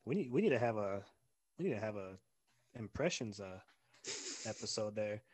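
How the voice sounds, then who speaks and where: A man's voice: on the low side, animated, normal speed, a little mellow. A man co-hosting a podcast in casual chat, playful and teasing. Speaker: podcast co-host.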